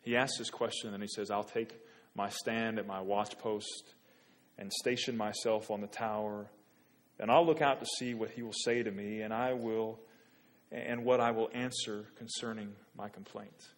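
A man preaching a sermon, moving from quiet reflection to loud, pleading rhetorical questions. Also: on the low side, fairly even intonation, moderate pace. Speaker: pastor.

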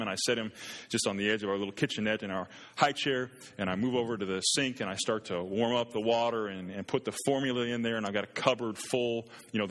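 A man's voice: medium pitch, a bit bright. A man in his thirties preaching a sermon as a pastor, earnest and building to impassioned pleading. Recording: long reverb of a large hall.

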